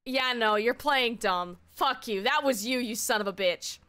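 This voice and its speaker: Woman streamer, casual chat, excitable, foul-mouthed; crisp, ringing voice, voice still recovering from strain. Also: fairly high pitch, measured pace. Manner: excitable and heavily profane.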